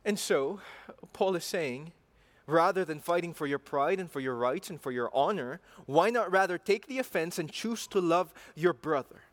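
A man's voice: on the high side, animated, normal speed. A man preaching a sermon in an earnest way, repeating phrases and building to emphatic passion.

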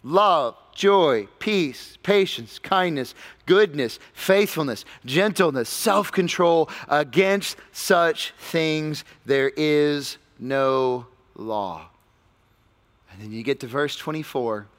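A man preaching a sermon as pastor, emphatic, swinging between loud stressed lines and quiet low ones. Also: slow pace. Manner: emphatic preaching with sudden swings in pitch and loudness. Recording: long hall reverb.

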